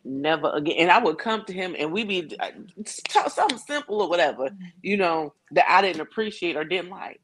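A woman guest on a podcast, chatting casually, relaxed and quick to laugh as she tells her side. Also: fairly low pitch, slight background noise, rough recording. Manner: relaxed, laughs easily, agreeing. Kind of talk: casual chat.

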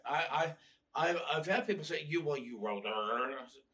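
A man's voice: on the high side, expressive, moderate pace, sharp tone, recorded from a distance. A male minister giving a casual, storytelling sermon with wry humor, often restarting his sentences. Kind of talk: conversational sermon. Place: church.

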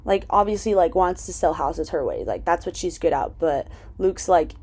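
Mellow, low-voiced woman recapping an episode. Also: lively intonation, moderate pace, hardly any pauses, husky. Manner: chatty, full of "um" and "like", swears freely. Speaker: TV episode reviewer.

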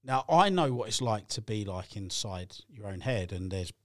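Gentle male interviewer, dry close sound. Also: lowish voice, lively intonation, normal speed, no echo. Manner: gentle, empathetic questioning. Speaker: host. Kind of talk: live-streamed interview.

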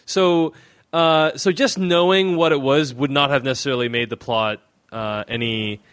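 A man's voice: medium pitch, fairly even intonation, moderate pace, fairly bright tone, clear, resonant tone. A man hosting a podcast in casual chat, rambling and restarting his sentences with lots of fillers. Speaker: podcast host.

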